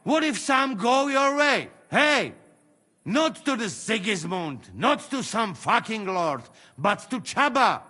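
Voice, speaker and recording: A coaxing Slovak mercenary, high and bright. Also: male voice, very animated, slow, in a large hall, heavily acted. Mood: bargaining. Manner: broken English, coaxing, haggling. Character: crude, wheedling male mercenary.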